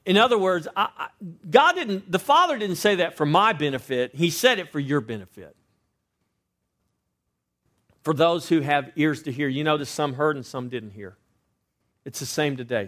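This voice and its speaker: Emphatic preacher man, fairly high voice. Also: animated, moderate pace, pauses often. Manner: emphatic preaching, swings between loud and hushed; asks the congregation rhetorical questions. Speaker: pastor. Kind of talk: sermon.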